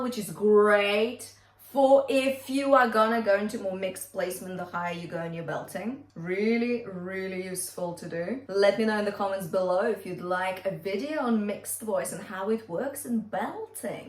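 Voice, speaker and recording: A woman singing teacher, leading a vocal warm-up, singing the exercises and giving quick encouraging cues. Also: medium pitch, far from the mic. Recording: roomy sound from off the mic with piano. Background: piano accompaniment.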